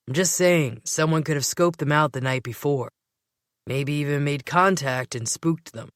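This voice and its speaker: A woman putting on a slow-drawling, teasing young man. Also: low-pitched, dry recording, studio quality, lightly acted. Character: laid-back young man, teasing and unhurried.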